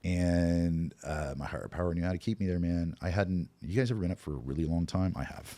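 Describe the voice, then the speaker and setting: A man as a podcast guest, telling his recovery story in a candid, self-deprecating, animated way. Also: sits low, brisk.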